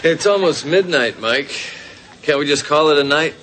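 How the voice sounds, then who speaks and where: A man's voice: fairly high pitch, animated, moderate pace, a loud crowd, natural voice. An actor playing a middle-aged father with a dry, wry way of talking in a sitcom. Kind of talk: sitcom acting. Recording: sitcom audio with background noise.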